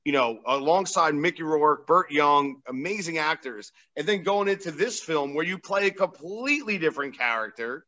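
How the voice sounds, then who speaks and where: A male podcast host chats with a guest in a casual interview, enthusiastic and quick to praise. His voice sounds bright and a little high. The sound is dull and lo-fi. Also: expressive. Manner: enthusiastic, praising, laughs often.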